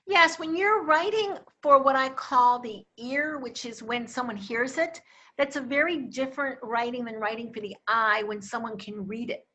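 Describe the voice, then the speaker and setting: A woman with a high, bright voice, speaking as a communication coach in an interview. She leans hard on her key words and backs each point with quick examples. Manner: emphatic, quotes vivid examples. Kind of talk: interview conversation. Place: Akron, Ohio.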